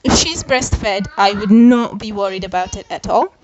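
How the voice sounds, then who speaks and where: A woman's voice: mid-range voice, normal speed, highs cut off. A woman co-hosting a parenting Q&A in casual chat, direct and explanatory, often checking in with "okay?". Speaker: co-host giving parenting advice. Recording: audible background noise.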